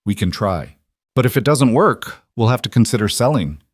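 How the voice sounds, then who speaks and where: A man's voice: medium pitch, sing-song, moderate pace, slightly rough, no echo, studio quality. A man voicing a weary, determined young ranch wife who speaks frankly and practically. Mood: earnest.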